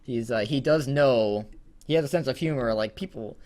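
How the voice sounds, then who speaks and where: A man's voice: mid-range voice, moderate pace, darkish tone. A young man co-hosting a casual podcast, rambling and laughing, swearing freely. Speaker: podcast co-host. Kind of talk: casual chat.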